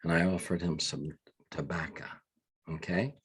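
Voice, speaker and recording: Low husky older man, earnest. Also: fairly even intonation, no room sound. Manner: earnest, halting storyteller with frequent restarts. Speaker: guest, reverend. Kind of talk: conversational storytelling.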